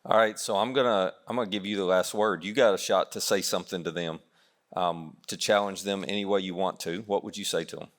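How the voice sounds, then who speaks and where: Deep-voiced pastor hosting an interview. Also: male voice, fairly even intonation, a little fast, fairly bright tone. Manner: casual, conversational interviewer. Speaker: host pastor. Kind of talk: on-stage interview.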